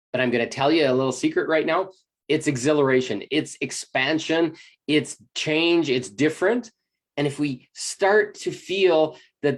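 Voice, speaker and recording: A spiritual teacher giving a motivational talk, acting out inner voices with gasps and lively swings in tone. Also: mid-range voice.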